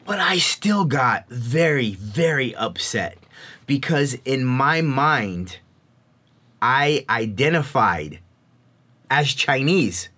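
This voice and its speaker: Male speaker telling a personal story, expressive, slow and animated. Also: mid-range voice.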